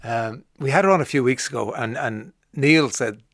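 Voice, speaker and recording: An Irish man hosting a radio talk show, chatty and jokey, dropping into quick playful impressions. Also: mid-range voice, lively intonation, fairly bright tone, no room sound, studio quality. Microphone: studio microphone.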